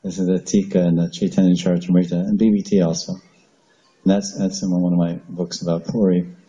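A man with a low, deep voice and a very dark, mellow tone gives a devotional talk. He tells stories with chatty asides and short laughs. His talk runs loose and conversational, like a teacher speaking to a gathered group. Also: level tone, fairly quick, lo-fi sound. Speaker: spiritual teacher.

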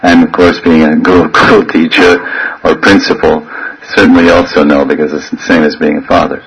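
A man's voice: rumbling low, little pitch movement, fairly quick, fairly bright tone, husky, low-quality recording. A man giving an informal devotional class, telling meandering stories and mimicking the cries of children and dogs. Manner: rambling storyteller, imitates crying children and yelping dogs. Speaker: spiritual teacher. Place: living in a holy town in India.

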